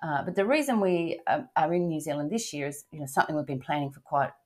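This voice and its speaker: A woman's voice: low-pitched, quick pace. Chatty older woman podcast host. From Australia. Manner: chatty, upbeat, frequent fillers and restarts. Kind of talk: casual travel podcast chat.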